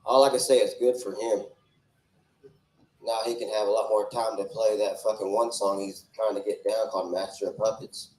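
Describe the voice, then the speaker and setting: A man's voice: fairly low pitch, flat delivery, moderate pace, a little mellow. A man in his forties doing crude, brash, rambling stand-up at a club open mic with a handheld microphone. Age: 40s. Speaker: stand-up comedian. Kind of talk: stand-up comedy. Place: small comedy club stage. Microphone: handheld stage microphone. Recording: roomy club sound.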